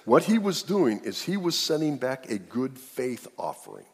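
A man with a husky voice preaches a sermon, talking things through casually and asking his listeners questions. His voice rings out with the long reverb of a large hall. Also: mid-range voice, sing-song, normal speed. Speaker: pastor.

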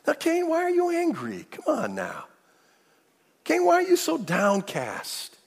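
A man voicing God as a loving, patient father gently coaxing his son in a sermon. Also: extremely high pitch, very animated, unhurried, vocal fry, husky, pitched above the performer's own voice, full character voice. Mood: gentle.

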